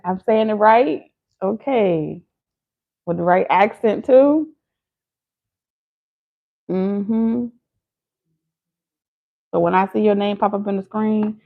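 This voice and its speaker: Playful gravelly woman on a tinny line. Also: fairly low pitch. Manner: playful, teasing, laughs easily. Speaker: tarot reader live-streaming to viewers. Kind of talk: casual live-stream chat. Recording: phone-like lo-fi audio.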